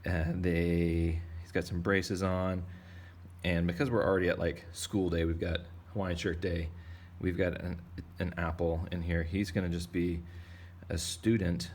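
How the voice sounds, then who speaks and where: A man's voice: low-pitched, little pitch movement, a little slow, darkish tone, a little hiss or hum. A man teaching a drawing lesson for kids, talking in a playful, rambling, jokey way as he draws. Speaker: art teacher.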